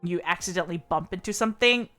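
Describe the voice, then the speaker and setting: A woman's voice: lowish voice, fast, faint music behind. A woman streamer chatting casually, giggling often as she talks. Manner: giggly, animated, laughs often. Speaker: streamer host.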